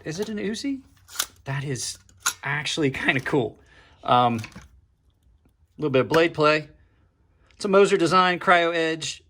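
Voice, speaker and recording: A knife reviewer hosts his channel's casual unboxing vlog, his voice a little high over a noisy background. Opening packages, he talks to viewers, thinks aloud, drifts off mid-sentence, and offers dry sarcasm.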